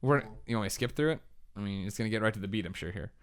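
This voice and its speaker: Man, podcast co-host, clear smooth voice, argues his case. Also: on the low side, very fast. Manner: argumentative, lays out points. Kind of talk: casual chat.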